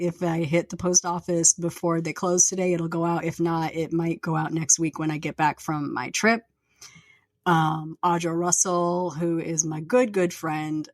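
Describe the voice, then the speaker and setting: A woman's voice: on the low side, no echo, studio quality. A woman hosting her own podcast, talking casually and candidly, rambling and venting with plenty of fillers. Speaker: podcast host and author. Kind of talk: casual solo podcast rant. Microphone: plugged-in podcast microphone.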